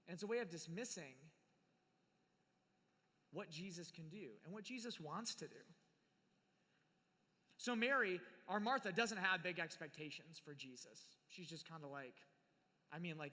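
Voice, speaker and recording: His voice is a little high, pushed and bright, and he speaks a little slowly with frequent pauses. This youth speaker gives a playful live sermon on scripture, acting out its figures in a large hall with long reverb.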